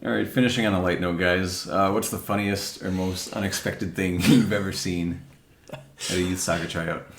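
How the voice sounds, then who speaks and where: Deep-voiced host in an echoey room. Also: male voice, normal speed. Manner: relaxed, steering questions. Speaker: podcast host. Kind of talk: casual podcast chat. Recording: roomy echo.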